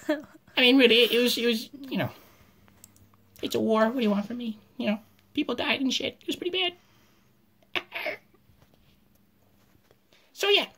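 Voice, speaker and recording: A woman's voice: on the high side, a little slow, pauses often, fairly bright tone, husky, full character voice. A woman voicing a goofy cartoon giraffe who teaches history in an offhand, crude way, full of fillers and swearing. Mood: flippant. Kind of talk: comedic cartoon narration.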